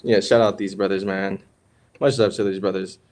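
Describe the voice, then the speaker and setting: A man's voice: sits low, level tone, moderate pace, darkish tone. A young man co-hosting a podcast, giving casual religious teaching on marriage in a conversational, preachy way. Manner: conversational, preachy, calls listeners "man" and "bro". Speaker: podcast co-host.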